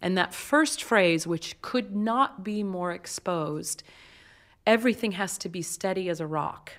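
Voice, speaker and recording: A woman opera singer speaks in a voice sitting a little low for a woman. She explains her craft in an onstage interview before an audience, animated and expressive. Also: a little slow.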